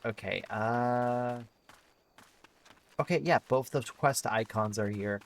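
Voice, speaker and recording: A man's voice: mid-range voice, takes it slowly. A man streaming a video game, chatting casually and thinking aloud, with lots of fillers as he rambles. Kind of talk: casual gameplay commentary.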